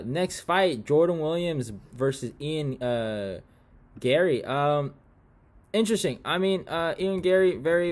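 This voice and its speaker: A man hosting a casual fight-prediction monologue, slangy and profane, saying bro a lot, often breaking into laughter. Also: mid-range voice.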